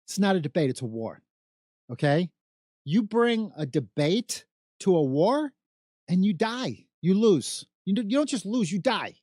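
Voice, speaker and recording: A man's voice: sits high, sing-song, unhurried, a little mellow, no room sound, clean studio sound. A middle-aged man from Chicago giving an emphatic political monologue, full of repetition and rhetorical questions. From South Side of Chicago. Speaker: political commentator.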